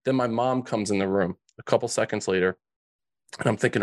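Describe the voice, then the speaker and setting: A man's voice: lowish voice, steady tone, brisk, creaky, no room sound. A man in a podcast interview, telling a painful childhood story in an earnest way, often restarting his sentences. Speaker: podcast guest. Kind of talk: emotional storytelling.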